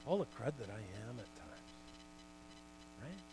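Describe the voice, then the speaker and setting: A middle-aged man preaches in a church in a middle-pitched voice, telling stories with animated bursts that fall to a hush. A faint hum sits behind him. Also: unhurried. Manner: animated storyteller, loud bursts dropping to hushed. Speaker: guest preacher, former hockey player. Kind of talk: sermon testimony.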